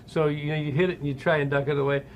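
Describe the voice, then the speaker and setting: Older male host type, animated storyteller, slightly raised pitch, faint room noise. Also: very fast. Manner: animated storyteller who acts out quotes. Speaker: former ballplayer hosting the conversation. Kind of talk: storytelling interview chat.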